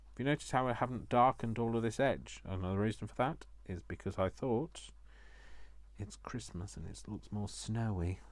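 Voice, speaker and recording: Guy rambling on while he makes stuff, teases himself, kinda low voice. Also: no room sound. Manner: self-mocking, jokey asides to viewers. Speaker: craft vlogger. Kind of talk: chatty crafting commentary.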